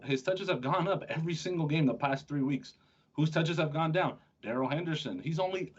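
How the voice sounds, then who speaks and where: A man with a slightly husky voice hosts a casual sports show, talking fast and joking with his co-host. The recording sounds dull and lo-fi. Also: a little high. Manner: chatty, joking, quick-talking with restarts. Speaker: podcast host.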